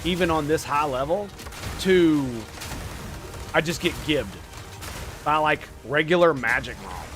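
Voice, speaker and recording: A man giving live gameplay commentary as a streamer, excitable and quick to swear and rant in exasperation. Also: a little high.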